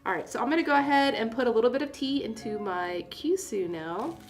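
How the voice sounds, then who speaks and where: A woman's voice: a little high, expressive, a little fast. A woman hosting a casual tea livestream, chatty and self-deprecating, laughing at her own jokes. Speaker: tea seller hosting a live stream. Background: soft classical music.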